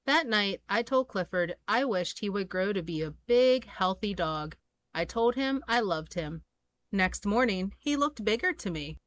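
A woman reading a children's picture book aloud in a gentle, expressive voice. Her pitch sits in the middle range. The recording is close and dry. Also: unhurried, dry recording. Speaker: storybook reader. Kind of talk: children's storybook read-aloud.

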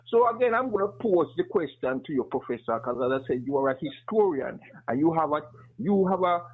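A fervent man calling in over a tinny phone line. His voice sits high for a man and has a husky edge. He presses his points hard, then settles into a long question. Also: expressive, brisk. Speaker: caller. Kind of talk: impassioned call-in commentary.

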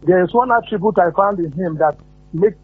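A man's voice: high voice, fairly quick, breathy edge. A man with a Nigerian accent calling in to a radio show, giving his opinion earnestly. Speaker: caller. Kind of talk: phone-in opinion. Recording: tinny phone line.

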